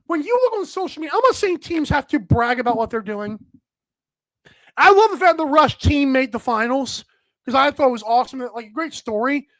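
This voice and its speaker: A high-voiced woman hosts a sports talk show in a rambling, exasperated rant full of fillers. The sound is close and dry, with no room echo. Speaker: sports podcast host.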